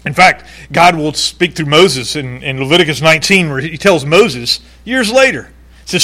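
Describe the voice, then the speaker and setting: A male pastor preaching a sermon in an animated way, acting out quoted voices and laughing now and then. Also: a little high, normal speed.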